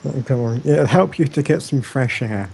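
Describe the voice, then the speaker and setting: A man's voice: medium pitch, animated, moderate pace, creaky, darkish tone, slightly rough. Teasing, giggly man at a game table. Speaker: player. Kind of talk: casual tabletop role-play chat.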